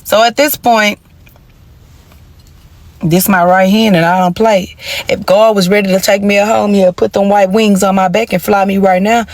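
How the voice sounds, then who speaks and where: A woman telling a storytime vlog in an animated, profane and emphatic way. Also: medium pitch, normal speed, no room sound. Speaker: storytime vlogger.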